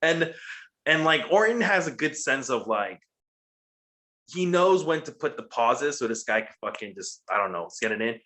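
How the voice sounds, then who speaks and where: A man's voice: mid-range voice, very animated, moderate pace, pushed and bright. A man co-hosting a casual show, recapping wrestling in a profane, rambling way. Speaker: podcast co-host.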